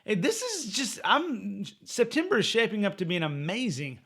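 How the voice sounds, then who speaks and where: A man's voice: sits high, huge pitch swings, a bit bright, husky. Playful young man co-hosting a podcast. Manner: playful, jokey, quick to riff. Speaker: podcast co-host. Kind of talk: casual chat.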